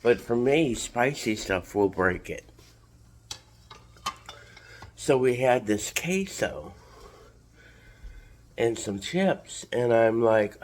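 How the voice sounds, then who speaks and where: A man's voice: medium pitch, lively intonation, slow pace. A man with a congested, stuffy voice, telling a story in a casual, chatty vlog. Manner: chatty, recounts conversations as he tells them. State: congested, sick with a cold. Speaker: vlogger.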